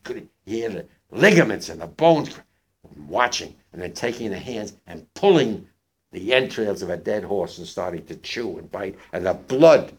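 An older man, a war veteran, gives spoken testimony to young listeners, halting and emotional with many restarts. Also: on the low side, lively intonation, breathy edge.

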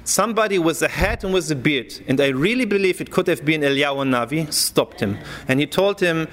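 A man's voice: a little high, fairly quick, in a large hall. A man, a rabbi, telling a long personal story to an audience and acting out the people he quotes. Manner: animated storyteller who acts out the people he quotes.

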